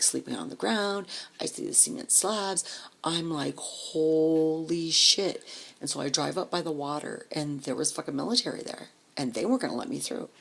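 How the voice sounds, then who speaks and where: Low, gravelly-voiced woman telling a story. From Denver area, US. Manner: profane, animated, acts out quoted voices, drops to whispers. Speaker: vlogger. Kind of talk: casual storytelling.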